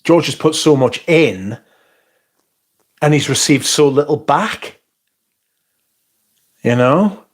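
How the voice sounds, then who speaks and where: A man's voice: on the high side, expressive, slow pace, pauses often, husky. A man hosting a casual livestream, reading out viewer comments and answering them in a blunt, sweary, sardonic way. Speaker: livestream host.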